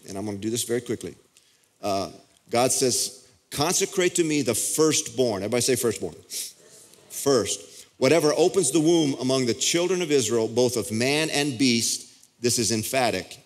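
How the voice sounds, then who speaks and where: A man preaching a sermon as pastor, folksy and emphatic, with loud bursts and repeated lines. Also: medium pitch.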